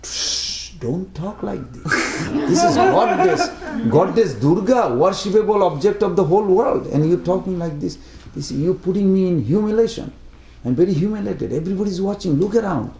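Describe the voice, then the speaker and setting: A man's voice: high-pitched, big pitch swings, moderate pace, mellow, voice pushed up. A man voicing an embarrassed, stern father who scolds and then pleads with his son. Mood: upset. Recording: roomy echo.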